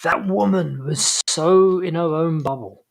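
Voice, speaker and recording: A man co-hosting a chatty opinion podcast, talking emphatically and in a fussy, animated way. He is quick to get worked up over small things and insists on his view. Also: a little high, vocal fry. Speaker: podcast co-host. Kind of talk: casual opinionated chat.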